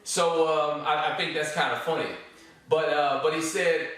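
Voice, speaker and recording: A man's voice: a little high, moderate pace, a bit bright, very echoey, distant mic, faint music behind, rough recording. A man teaching a forex trading course. He reads student testimonials aloud and comments on them in a casual, repetitive way, often checking in with "all right?" and "okay?".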